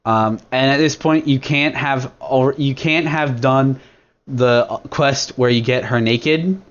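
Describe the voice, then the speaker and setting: A young man talks loosely as a podcast host, crude and rambling, stacking fillers and restarting his sentences. His pitch sits in an ordinary middle range for a man. The recording sounds dull and lo-fi. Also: slow pace. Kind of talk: casual rambling chat.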